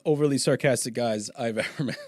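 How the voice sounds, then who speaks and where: A man's voice: medium pitch, brisk. A man hosting a podcast in a casual chat, joking, swearing and laughing often. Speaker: podcast host. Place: small home podcast studio.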